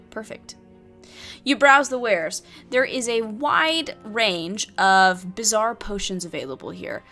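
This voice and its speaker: A woman's voice: mid-range voice, animated, measured pace, sharp tone, faint music behind. A woman reading and playing through a solo tabletop adventure, with chatty asides and many fillers. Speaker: solo game player and narrator.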